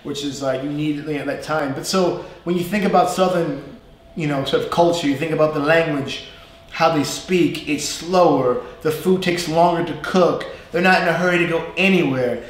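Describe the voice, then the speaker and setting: A man's voice: fairly high pitch, normal speed. Chatty New York man in an echoey room. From USA. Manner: chatty, animated, imitates regional accents. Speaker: English teacher. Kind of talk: live-streamed casual lesson. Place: language school classroom. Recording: very echoey room, faint noise.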